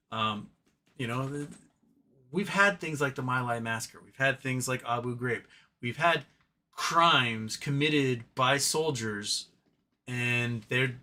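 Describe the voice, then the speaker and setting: A man's voice: mid-range voice, pushed and bright. A man hosting a casual livestream, reading viewer comments aloud and rambling through opinionated commentary with many restarts. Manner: rambling, opinionated, drops to a mumble talking to his cat.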